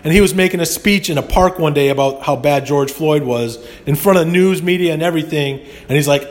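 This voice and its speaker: A man's voice: on the high side, fairly quick. Man, podcast host, casual monologue, rambling, indignant, frequent restarts.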